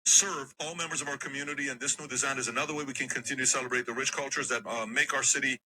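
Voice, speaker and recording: A man's voice: medium pitch, fairly even intonation, very fast, pushed and bright, low-quality recording. A man hosting a podcast, reading a news item aloud with fillers and small stumbles. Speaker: podcast host.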